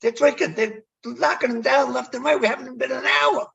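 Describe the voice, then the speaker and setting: A man's voice: extremely high pitch, a little fast, creaky, muffled recording. A man, a former umpire, telling stories in a podcast interview and acting out the dialogue. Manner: animated storyteller, acts out quoted dialogue.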